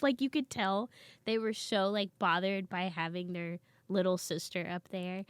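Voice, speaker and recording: A woman's voice: medium pitch, normal speed, clean tone, dry recording. A woman comedian telling stories in a casual chat, acting out her family's lines. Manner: animated, acts out family members' lines. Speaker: comedian guest. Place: basement studio.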